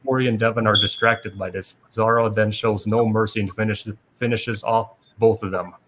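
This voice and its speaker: A man hosting a podcast, reading a plot recap aloud in a steady way with small restarts. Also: on the low side, moderate pace, slight background noise. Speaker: podcast host.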